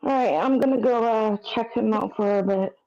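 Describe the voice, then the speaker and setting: A woman's voice: fairly high pitch, normal speed, warm tone, muffled recording. A woman in casual chat on a stream, giving brief, sympathetic replies.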